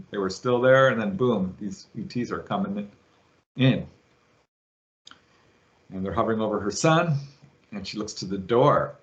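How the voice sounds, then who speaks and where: A man guest on an interview show, retelling a witness's story with lively quoted voices. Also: lowish voice, dull audio. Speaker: guest, UFO researcher.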